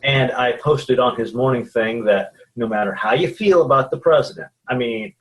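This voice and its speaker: A man from the United States chats in an easygoing way, drifting from thought to thought and agreeing along the way. His voice is at an ordinary middle pitch. It is a relaxed podcast conversation. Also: normal speed, low-quality recording. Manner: calm, agreeable, rambling. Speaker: podcast co-host. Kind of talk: casual political chat.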